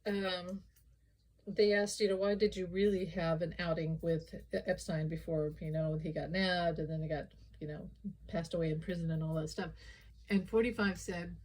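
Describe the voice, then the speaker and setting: A woman's voice: lowish voice, low-quality recording. A woman giving casual political commentary, retelling stories animatedly and acting out the quoted lines. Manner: animated storyteller, acts out quoted dialogue.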